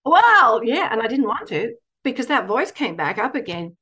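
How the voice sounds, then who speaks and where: A middle-aged woman, a counsellor and guest telling a personal story in an animated way, often laughing. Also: fairly high pitch, moderate pace, slightly rough. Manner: animated, laughing storyteller, acting out inner voices. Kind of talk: storytelling interview chat.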